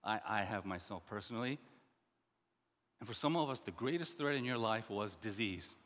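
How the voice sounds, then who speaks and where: A man preaching a sermon as pastor, emphatic and repetitive, swinging between loud stresses and quiet asides. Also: lowish voice, expressive, moderate pace, long reverb tail.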